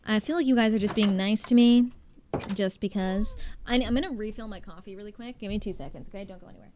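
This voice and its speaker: Her voice sits in the middle range, mellow and fast, with slight background noise behind it. A young woman, she chats loosely with her stream viewers while building in a game, swearing a lot and joking at her own expense.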